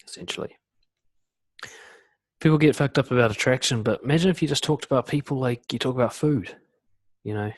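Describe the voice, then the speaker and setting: A man's voice: medium pitch, fast talker, long pauses, dry recording. Casual man coaching on a webinar, dry sound. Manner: casual, fillers like "you know" and "like"; acts out quoted lines in lively voices. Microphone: computer mic on a video call.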